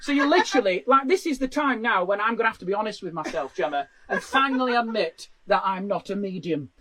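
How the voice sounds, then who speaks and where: Male comedian, rambling, excitable, laughing mid-sentence, lively swooping voice, home show. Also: high-pitched, fast, a crowd in the background. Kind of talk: casual comic chat with his wife. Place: home, in a shed.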